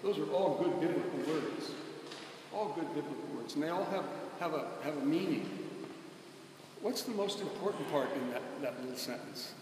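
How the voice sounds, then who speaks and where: Man preaching, high voice, booming church echo, conversational and emphatic. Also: expressive, normal speed, background noise. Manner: conversational, emphatic, calls on the congregation to respond. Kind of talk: sermon. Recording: echoey church hall, mic at a distance.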